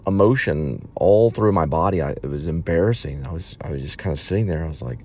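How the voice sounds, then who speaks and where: A man's voice: animated, a little fast, mellow. Rambling man, noisy street sound. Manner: storytelling, acts out other people in high mocking voices. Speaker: vlogger. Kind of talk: rambling casual monologue.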